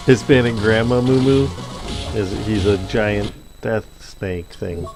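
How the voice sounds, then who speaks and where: Male let's play host, low-pitched, loose and chatty storyteller. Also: slow pace, over music. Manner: casual, filler-heavy storytelling. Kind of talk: rambling gameplay commentary.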